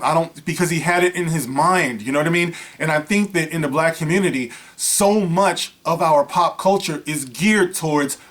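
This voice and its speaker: A man gives a casual, seated commentary to his viewers in a voice that sits somewhat high for a man. He talks loosely and conversationally, leans on "you know," and slips into acted-out bits of a scene as he goes. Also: fairly bright tone. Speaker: vlogger. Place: seated indoors.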